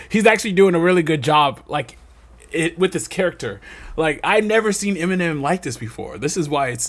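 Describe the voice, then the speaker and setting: A man hosting a reaction video, talking casually, excitable and quick to laugh. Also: high voice. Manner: excitable, laughs often, animated outbursts. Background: hip hop music playing.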